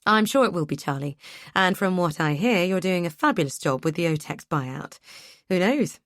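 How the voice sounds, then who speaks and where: A genial boss, polite and jovial, chuckling warmly between words, as a woman reads him aloud. The voice sits fairly low and sounds close and dry, with no room around it. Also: lively intonation, moderate pace, no room sound.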